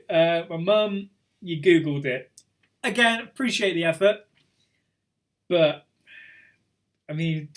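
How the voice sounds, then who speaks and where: A man with a bright, high voice runs a relaxed online pub quiz, reading out names and scores and ribbing the players. He talks into a video call mic in an easygoing, chatty way. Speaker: quiz host.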